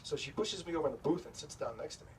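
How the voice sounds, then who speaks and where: A man's voice: fairly high pitch, animated, rapid-fire. Distant middle-aged man telling stories. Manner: storytelling, self-deprecating, loose with fillers. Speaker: author speaking at a bookstore event. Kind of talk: anecdote told to a live audience. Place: bookstore event room. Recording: distant, noisy room recording.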